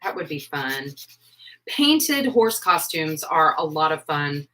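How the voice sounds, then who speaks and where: A woman's voice: low-pitched, big pitch swings, slow, bright, forceful tone, poor audio. A woman in her forties chatting casually on a livestream, rambling with lots of "like" and "um". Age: 40s. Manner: rambling, full of "like" and "um". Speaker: livestream host. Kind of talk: casual live chat.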